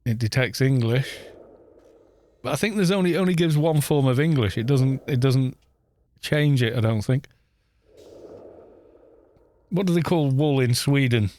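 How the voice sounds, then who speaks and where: A Welsh gaming streamer chats casually on a live stream, rambling and joking as he goes. His medium-pitched, darkish voice has lively intonation, and he speaks unhurriedly with frequent pauses.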